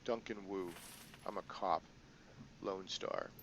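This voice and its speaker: A man voicing a grim, hard-bitten cop who speaks in clipped, flat lines during a game playthrough. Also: sits low, slow, slight background noise, poor audio. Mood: terse.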